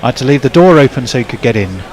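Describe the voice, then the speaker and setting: A man's voice: medium pitch, lively intonation, racing. A man giving ball-by-ball cricket commentary in a chatty way, checking himself aloud.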